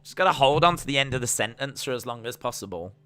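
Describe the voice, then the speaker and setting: A man hosts a relaxed live watch-along, chatting and reading out comments from his viewers. His voice is very bright and cutting, and his pitch jumps around a lot as he jokes. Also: quick pace, smooth. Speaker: live stream host. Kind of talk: casual wrestling watch-along chat.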